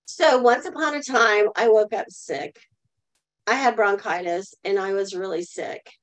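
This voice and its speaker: In an unhurried, medium-pitched voice, a middle-aged woman appearing as a guest in a live online session recounts something personal with sincerity. She asks the audience to answer in the chat, and the recording quality is low.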